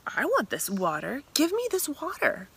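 A woman voicing an eager, excitable woman from a storytelling retelling, breathless and insistent. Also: sits high, normal speed, creaky, voice pushed up, exaggerated voice.

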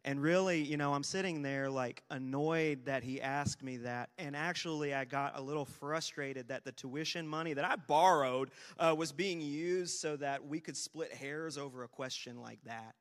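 A young man preaching a sermon, telling self-deprecating stories with sudden loud bursts of emphasis. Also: fairly high pitch, normal speed, hardly any pauses. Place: church sanctuary. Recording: long hall reverb.

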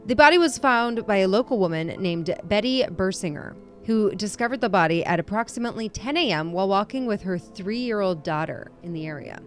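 Woman, podcast co-host, chatty and self-deprecating, quick to laugh. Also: mid-range voice, expressive, soft background music. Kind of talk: casual true-crime podcast chat.

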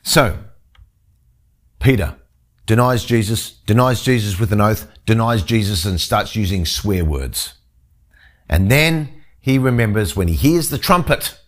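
Guy reading bible then explaining it, earnest, kinda low voice. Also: expressive, unhurried. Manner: earnest, with frequent restarts. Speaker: Bible teacher.

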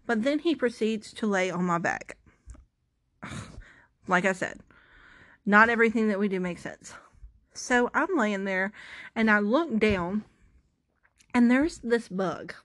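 A woman's voice: medium pitch, slow pace, long pauses, a bit bright. Young woman vlogging, goofy dramatic storytelling, keeps restarting and poking fun at herself. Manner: self-mocking, dramatic, rambling with restarts. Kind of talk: casual storytelling to camera.

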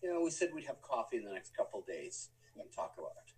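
A man chiming in on a shared story in a casual chat, adding his side quickly. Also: medium pitch, sing-song, a little mellow. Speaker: guest and partner in the story. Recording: voice from a distant mic.

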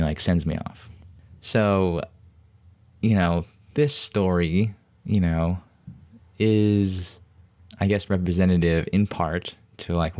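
Deep-voiced young man telling a story. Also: a little mellow. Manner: rambling, many fillers and restarts; frustrated, defensive. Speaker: podcast host. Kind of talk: personal storytelling monologue.

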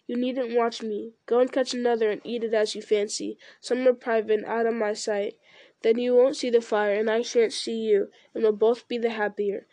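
A woman's voice: a little high, flat delivery, moderate pace, mellow, no echo, lightly acted. Stubborn down-to-earth servant guy, talks blunt and homey, lady reading it, dry sound. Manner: blunt, folksy, rustic speech. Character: stout, plain-spoken male servant, stubborn and homely.

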